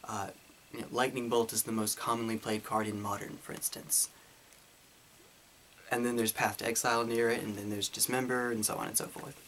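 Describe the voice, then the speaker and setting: Deep-voiced man with a light Southern twang. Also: little pitch movement, a bit bright, slight background noise. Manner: deliberately deeper, fuller voice to tone down his twang. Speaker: YouTuber answering viewer questions. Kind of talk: casual Q&A monologue.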